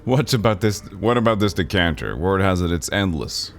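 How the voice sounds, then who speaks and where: A man's voice: deep voice, expressive, normal speed, few pauses, soft background music. A man streaming a retro role-playing game, reading its text aloud and chatting casually with viewers.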